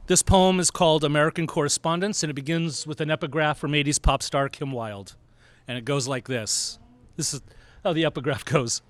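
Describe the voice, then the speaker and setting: A man poet reading his poems aloud with a dramatic, rhythmic delivery and slowed emphasis. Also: a little high, no echo. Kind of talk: poetry reading.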